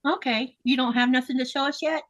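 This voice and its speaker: A woman's voice: sits high, fairly even intonation, fairly quick, fairly bright tone. A woman hosting a casual livestream, chatting with guests and reading viewer comments aloud. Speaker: livestream host. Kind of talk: casual live chat.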